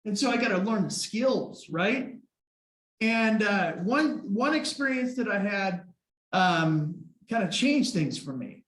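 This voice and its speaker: A man's voice: sits high, sing-song, slow, a bit bright, roomy sound. A man giving a casual motivational talk to his team, telling stories and acting out his own past thoughts. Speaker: team leader.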